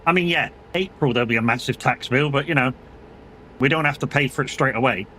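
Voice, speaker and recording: A man's voice: medium pitch, fast, bright, forceful tone, slight background noise. A man streaming a game live, chatting casually, swearing freely and bantering with his chat. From United Kingdom.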